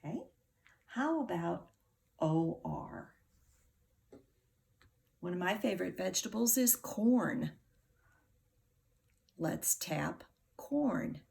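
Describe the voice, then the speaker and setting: A middle-aged woman teaching a phonics lesson to young children, sounding out words slowly and patiently. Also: on the low side, animated, vocal fry, a little mellow. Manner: slow, patient, over-articulated sounding out.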